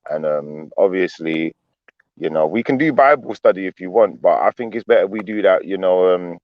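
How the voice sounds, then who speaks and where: A man's voice: low-pitched, moderate pace, no echo, narrow, tinny audio. A man hosting a live panel stream, chatty and joking, drifting into talk about the Bible. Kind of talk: casual panel chat.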